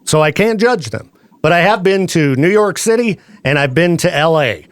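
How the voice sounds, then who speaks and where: A chatty male radio host talks with a fairly high voice in a studio. The mic sound is bone-dry, with no room echo at all. He keeps a loose, quick, easygoing pace. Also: animated. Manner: chatty, quick, laughs easily. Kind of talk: casual morning radio chat.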